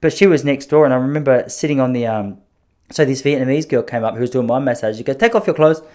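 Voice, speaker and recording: A man hosting a podcast, telling long self-mocking stories in an animated way, with frequent restarts. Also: medium pitch, fast talker. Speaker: podcast host. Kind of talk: storytelling podcast chat.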